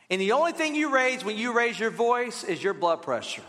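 High-voiced, bright-toned male pastor. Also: a little fast, few pauses. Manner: lively storytelling with asides to the congregation. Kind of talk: sermon. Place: church. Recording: reverberant church hall.

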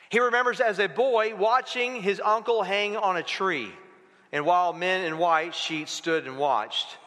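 A middle-aged man preaching a sermon in a church, storytelling with lively swings in pitch and acting out the voices in his anecdotes. His voice is bright and a little high for a man, and a long reverb rings around it in the sanctuary. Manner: storytelling, animated, acts out dialogue. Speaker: pastor.

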